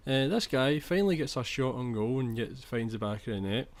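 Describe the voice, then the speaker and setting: A man's voice: mid-range voice, animated, fairly quick. A young man commentating over his own football video game footage, chatty, restarting sentences and swearing when annoyed. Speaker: gaming commentator.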